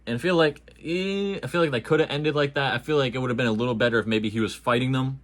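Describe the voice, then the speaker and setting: A man giving a casual, animated and slangy movie review, joking along as he talks. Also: medium pitch, quick pace.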